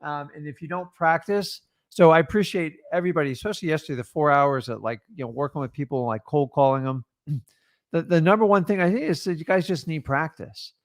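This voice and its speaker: A man's voice: a little high, fairly quick, no room sound, clean studio sound. A man co-hosting a live stream, coaching casually with lots of filler words. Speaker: co-host of a live real estate stream.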